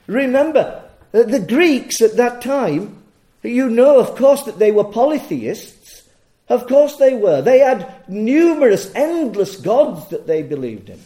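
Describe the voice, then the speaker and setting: A male preacher with a notably high-pitched voice and a soft, mellow tone. He delivers his sermon emphatically, leaning on rhetorical questions and repeating key phrases to drive the point home. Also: big pitch swings, slow.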